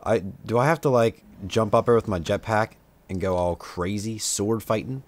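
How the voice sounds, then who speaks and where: A young man with a voice on the low side speaks at a normal speed. He's a gameplay commentator in a casual let's-play, chatting, poking fun at himself, and suddenly lashing out at enemies.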